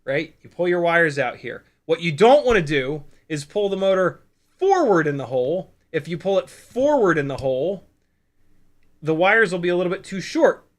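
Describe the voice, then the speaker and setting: A man hosting a casual drone-hobby livestream, talking excitedly and swearing freely as he explains soldering step by step, often restarting his sentences. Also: fairly high pitch, normal speed. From United States. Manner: excitable, profane, rambling with restarts. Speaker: FPV drone livestream host.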